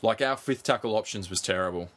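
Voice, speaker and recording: A man co-hosting a casual sports podcast, animated, swearing freely and pushing on through interruptions. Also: fairly low pitch, fast. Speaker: podcast co-host.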